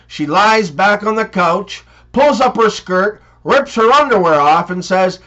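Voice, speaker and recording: A man telling one-liners and short jokes as a comedian, with quick punchline delivery. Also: sits high, animated, fairly bright tone, lo-fi sound.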